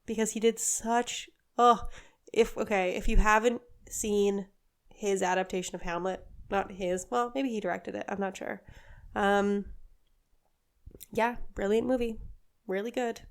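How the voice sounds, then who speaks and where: A woman's voice: mid-range voice, fairly even intonation, a little slow. A woman co-hosting a podcast in casual chat, opinionated and talkative, often laughing and correcting herself mid-sentence. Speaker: podcast co-host.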